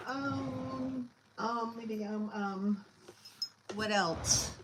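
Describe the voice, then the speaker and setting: Woman, live sale host, casual selling chat, unhurried pace, lots of fillers. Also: on the high side, background noise. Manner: chatty and scattered, with many fillers.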